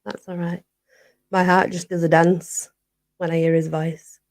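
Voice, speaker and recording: A woman from Barnsley with a Yorkshire accent, hosting a relaxed live chat and answering viewers, who says "you know" again and again. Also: fairly low pitch, a little slow. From Barnsley, Yorkshire, England. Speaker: livestream host.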